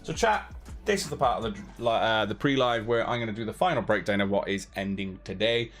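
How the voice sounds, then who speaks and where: A man's voice: lowish voice, steady tone, fairly quick, fairly bright tone, soft background music. A man hosting a giveaway livestream, chatting casually to his viewers in a loose, rambling way full of fillers and restarts.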